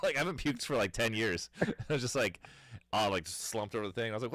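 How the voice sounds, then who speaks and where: A man's voice: medium pitch, big pitch swings, fast talker, a bit bright, no room sound. A man in his thirties chatting casually on a livestream, telling rambling stories and laughing often. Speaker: streamer.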